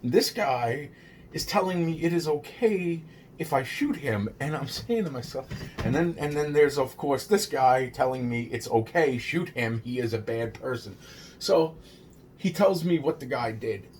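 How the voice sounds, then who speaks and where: A man's voice: mid-range voice, expressive. Guy telling a true story, stumbles n restarts a lot, swears nonstop, kinda rattled, faint hum behind. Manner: rambling and halting, many restarts and repeated words; swears constantly. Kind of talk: casual first-person true-story retelling.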